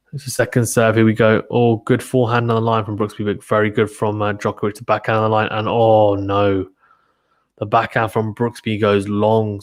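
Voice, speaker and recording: A man giving excitable live play-by-play tennis commentary, gasping and exclaiming at big points. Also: on the low side, dry recording, studio quality.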